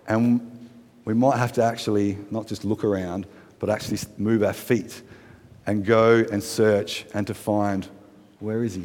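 A man in his thirties preaching a sermon in a relaxed, conversational way, asking his listeners questions and adding light humorous asides. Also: fairly low pitch. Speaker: pastor. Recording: long hall reverb.

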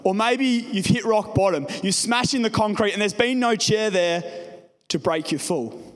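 A man's voice: high-pitched, moderate pace. A young man preaching a sermon to his congregation, telling a personal story in a casual way. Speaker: pastor. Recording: reverberant hall.

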